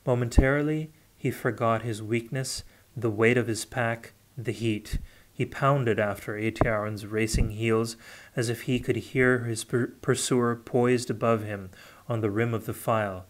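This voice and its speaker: Slow, steady male audiobook reader. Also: medium pitch. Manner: steady, with occasional self-corrections. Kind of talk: unrehearsed audiobook narration.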